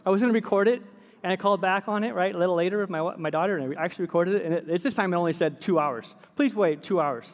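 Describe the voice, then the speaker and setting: A male pastor preaching a sermon, telling everyday stories in a lively, animated way and laughing at his own anecdotes. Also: high voice, very fast, long reverb tail, highs cut off.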